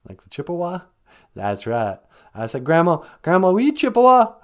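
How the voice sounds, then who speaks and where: A man's voice: high voice, huge pitch swings, normal speed, voice pushed up. A man voicing a brash, pushy woman caller who teases and bosses the host around. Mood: chatty. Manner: brassy, calls the host a fool.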